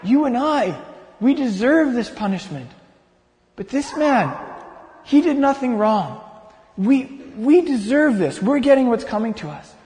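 A man's voice: very high voice, very animated, measured pace, darkish tone, pitched above the performer's own voice, exaggerated voice. A man voicing a repentant male criminal dying on a cross, speaking earnestly, in a long-reverb hall.

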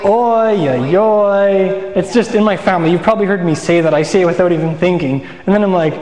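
A man's voice: high voice, racing, a little mellow. A man preaching a casual sermon, chatty and asking the audience questions. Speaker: pastor. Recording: echoey hall.

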